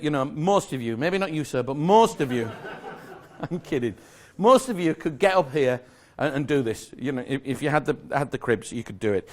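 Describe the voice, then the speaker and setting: Man, slightly high voice, magic lecturer, chatty, self-correcting, jokey asides. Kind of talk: live lecture explaining a routine. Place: lecture room with a live audience.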